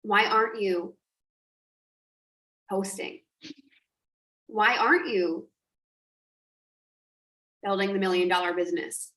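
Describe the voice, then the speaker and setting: Woman, online coach, live-stream storytelling, animated, bright tone, echoey room. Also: medium pitch, takes it slowly, pauses often. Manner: animated, acts out quotes, frequent laughs.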